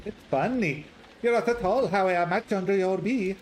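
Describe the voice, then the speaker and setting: A man's voice: high voice, normal speed, pitched above the performer's own voice, lightly acted, rough recording. A man putting on an Italian accent to voice a blunt, flirtatious woman stallholder, exuberant and theatrical. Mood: teasing. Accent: put-on Italian.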